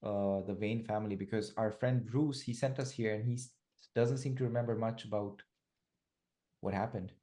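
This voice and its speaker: A man's voice: lowish voice, steady tone, warm tone. A man playing a tabletop game, cracking jokes and speaking in character. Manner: joking, quick with wisecracks. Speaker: player.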